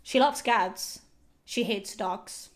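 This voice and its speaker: A young woman chatting casually on a livestream, animated and swearing often, with lots of "like" fillers. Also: medium pitch, slow pace. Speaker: streamer.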